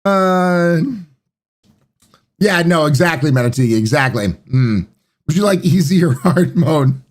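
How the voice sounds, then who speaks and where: Lively, unhurried man streamer. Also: on the high side. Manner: chatty, greets viewers by name, laughs easily. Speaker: streamer and podcast host. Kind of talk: casual live-stream chat.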